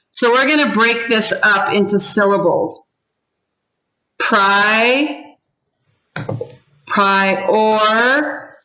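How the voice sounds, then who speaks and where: Slow, bright-voiced woman teaching online. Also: medium pitch, low-quality recording. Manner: slow, drawn-out modelling of words for learners to repeat. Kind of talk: online pronunciation lesson. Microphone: video call.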